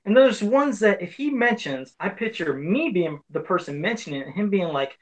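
A man's voice: high voice, big pitch swings, a little fast, few pauses. A man co-hosting a podcast, chatting casually and acting out his own reactions with swearing. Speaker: podcast co-host. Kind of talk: casual chat.

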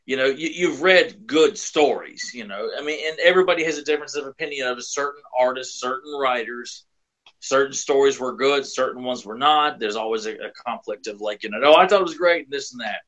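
A man in a casual podcast chat rants about a comic with dry sarcasm, stumbling over restarts as he talks. His voice has a bright, forceful edge. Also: medium pitch, brisk, rough recording. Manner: sardonic, ranting with repeated restarts. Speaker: podcast co-host.

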